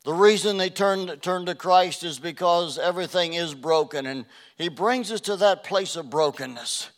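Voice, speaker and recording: Male preacher, fairly high-pitched, emphatic delivery with forceful bursts on quoted commands. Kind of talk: sermon.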